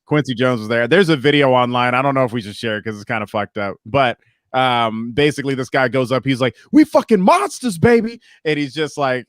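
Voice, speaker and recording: A man's voice: medium pitch, brisk, a bit bright, smooth, no echo, studio quality. A man co-hosting a casual video-call chat, telling stories in a laid-back, profane way. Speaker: podcast co-host. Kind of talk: casual chat among comedians.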